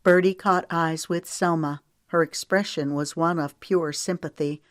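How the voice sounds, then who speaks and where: A woman's voice: low-pitched, fairly even intonation, measured pace, no echo, studio quality. A woman narrating a romance audiobook and giving the characters' lines light shifts in voice. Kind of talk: scripted narration.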